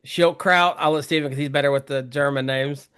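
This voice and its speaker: A man with a Southern US accent opens a film podcast and reads out facts in an easygoing way. His voice sits a little high for a man. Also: fairly quick, clear, resonant tone. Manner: relaxed, reads facts, chuckles. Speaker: podcast co-host. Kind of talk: casual podcast chat.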